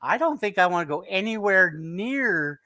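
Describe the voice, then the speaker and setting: A middle-aged man co-hosting a casual sports talk show, halting and stammering as he restarts his sentences. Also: sits high, lively intonation, bright, forceful tone, no echo.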